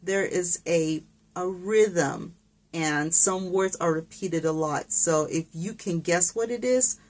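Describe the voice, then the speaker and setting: Teacher lady reading a picture book to kids, slow and encouraging, kinda low voice. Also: a little mellow. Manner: patient, encouraging, adds asides to the kids.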